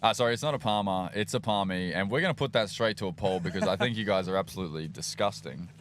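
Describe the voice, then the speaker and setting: A man's voice: low-pitched, fast, slight background noise. A man from Queensland with an Australian accent, co-hosting a live race stream with jokey, teasing casual banter. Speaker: livestream co-host. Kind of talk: casual live event commentary.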